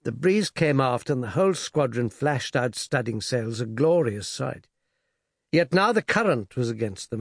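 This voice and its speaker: A man narrating an audiobook with a measured, expressive reading. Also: medium pitch, dry recording, studio quality.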